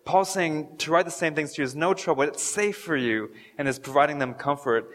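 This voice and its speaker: A man's voice: on the high side, fast talker, a bit bright. A man giving a casual, conversational sermon, joking and stumbling over fillers and restarts as he explains scripture. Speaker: pastor. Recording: long hall reverb.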